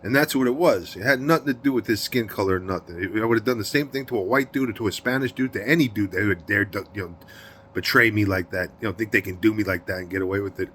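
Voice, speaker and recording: A man's voice: lowish voice, fast talker, a little hiss or hum. Streetwise New man telling a story. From New York. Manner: streetwise slang, emphatic and animated. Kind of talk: storytelling in an interview.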